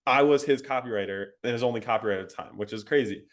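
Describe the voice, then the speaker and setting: A young man telling his story as an interview guest, animated and laughing, full of "like" and "um". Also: medium pitch, rapid-fire. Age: young adult. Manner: animated, laughing, frequent fillers like "like" and "um".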